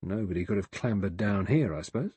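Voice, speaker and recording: A man's voice: fairly low pitch, expressive, fairly quick, dark tone, slightly rough, dry recording. A man doing a blunt, matter-of-fact man.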